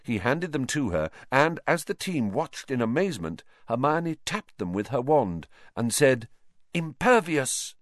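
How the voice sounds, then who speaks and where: A man reading a story aloud with expressive narration and voices for the characters. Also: mid-range voice, normal speed, few pauses, no echo, studio quality. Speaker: audiobook reader.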